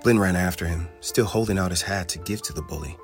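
Man, very low voice, reads a kids' story aloud, faint music under it. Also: fast talker.

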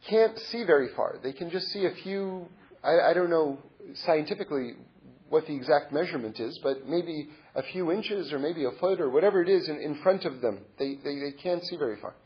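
Halting, husky-voiced man telling a story. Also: high voice, lo-fi sound. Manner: halting, many repeated words and restarts; earnest, reflective. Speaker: speaker sharing a religious lesson. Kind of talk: personal storytelling talk.

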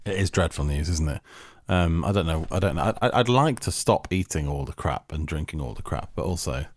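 A man's voice: a bass voice, animated, a little fast, no room sound. A man co-hosting a podcast in casual chat, dry and teasing. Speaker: podcast co-host.

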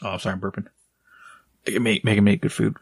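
With a lowish, husky voice marked by vocal fry, a podcast co-host talks fast in a level tone. He rambles through casual chat, relying on "like" and "right?" and swearing now and then, and the recording is dry and clean.

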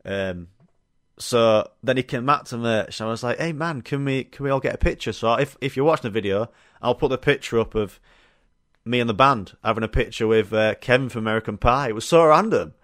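A man's voice: medium pitch, brisk, a bit bright, dry recording. Yorkshire bloke rambling on his podcast, lots of ums and swearing, dry close mic. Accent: Yorkshire English. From Yorkshire, England. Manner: rambling and chatty, frequent fillers and swearing. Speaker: podcast host. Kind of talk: casual storytelling chat.

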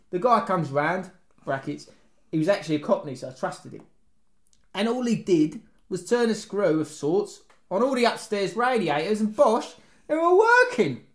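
A man co-hosting a podcast, bantering and reading out listener messages with frequent laughter. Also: sits high. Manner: jokey, laughs often, reads messages aloud. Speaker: podcast co-host.

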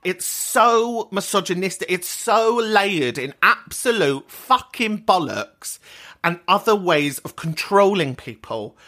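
A woman's voice: medium pitch, takes it slowly. Sweary outraged woman ranting. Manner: animated, sweary, outraged rant. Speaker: podcast host. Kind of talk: casual ranting chat.

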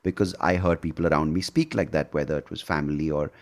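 A man's voice: extremely low pitch, steady tone, quick pace. A man, hosting an interview and earnestly reflecting on his own experience. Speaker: host. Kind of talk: conversational interview.

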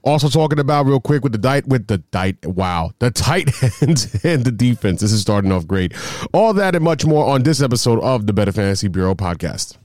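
A man's voice: medium pitch, fairly quick, dry recording, studio quality. Chatty stumbling male podcast host. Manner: stumbling, self-mocking, excitable. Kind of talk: casual podcast chat.

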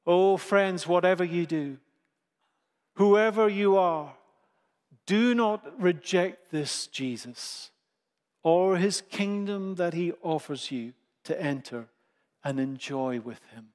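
A man preaching a sermon, slow and emphatic, with dramatic pauses. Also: sits high, a little mellow, big-room sound.

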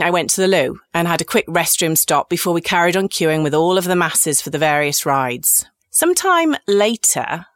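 A woman's voice: lowish voice, fairly bright tone, clear, resonant tone, no room sound, clean studio sound. A woman in her forties, a podcast host, tells comic personal stories in a candid, cheeky, self-mocking way.

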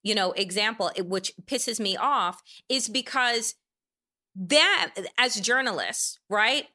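A woman's voice: mid-range voice, animated, slow, bright, forceful tone. A woman hosting a political podcast, talking indignantly and emphatically, with profanity. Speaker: podcast host. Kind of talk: heated political podcast discussion.

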